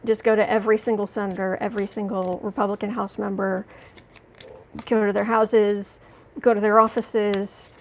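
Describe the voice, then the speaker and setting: A woman's voice: medium pitch, level tone, normal speed, rough recording. A woman hosting a live tarot reading stream, reading out viewer comments and reacting with outrage, with frequent restarts and apologies. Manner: heated, indignant, talks back to viewer comments. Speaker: tarot reader and livestream host.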